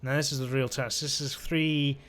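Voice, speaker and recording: A man's voice: mid-range voice, steady tone, moderate pace, fairly bright tone. A man giving chatty, joking commentary while he plays a video game. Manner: chatty, joking, thinks aloud. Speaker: let's-play gamer. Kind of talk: casual gameplay commentary.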